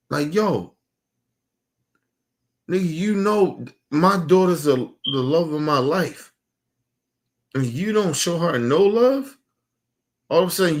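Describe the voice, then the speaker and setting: Man, slightly high voice, lively pitch swings, aggrieved profane livestream rant, repeats himself, fires heated questions. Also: measured pace, pauses often. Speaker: streamer.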